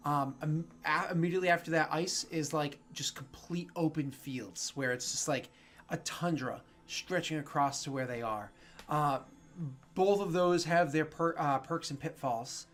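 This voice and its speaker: A man running a tabletop game as game master, his voice sitting somewhat high. He rambles through the narration, full of fillers and self-corrections. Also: a bit bright.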